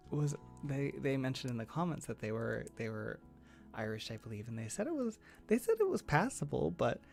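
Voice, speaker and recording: Young streamer chatting w viewers, laughs a lot, rambles, kinda gravelly voice. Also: medium pitch, darkish tone. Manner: laughs often, rambling with many restarts. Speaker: livestream host. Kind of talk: casual chat with viewers.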